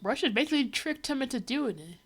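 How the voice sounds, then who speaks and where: A woman with a slightly high voice talks through a comic on a casual livestream. Her commentary rambles and stays wry, with plenty of "like" and "uh" along the way. She reacts as she reads rather than following a script. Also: animated, quick pace. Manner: rambling, wry running commentary with many fillers. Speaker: livestreamer reading a comic aloud.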